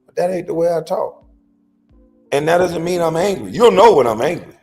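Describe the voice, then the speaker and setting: A man's voice: fairly high pitch, lively intonation, normal speed, a little mellow, faint music behind. A man hosting an opinion commentary, talking in a blunt, lecturing, emphatic way with slangy informal speech. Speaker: commentary host.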